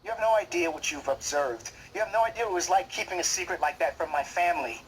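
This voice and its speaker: A man's voice: high voice, fast, a little hiss or hum, close to an everyday voice, poor audio. An actor in a TV drama, playing a man who talks in a defensive, guilt-ridden, pleading way. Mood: anguished. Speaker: soap opera character. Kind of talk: TV drama acting.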